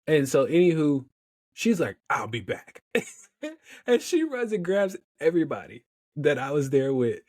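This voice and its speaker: Brief: young adult man, podcast guest, lively storyteller who laughs easily and acts out quotes; fairly high voice, dry close mic. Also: moderate pace, long pauses, no echo. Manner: animated, laughs often, acts out quoted dialogue. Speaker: podcast guest, motivational speaker. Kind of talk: casual storytelling in an interview.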